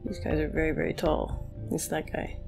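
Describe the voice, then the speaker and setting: A woman's voice: low-pitched, level tone, normal speed, creaky, darkish tone, soft background music. A young woman reviewing a comic chapter, reading it aloud with casual, sarcastic commentary. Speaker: manga reviewer.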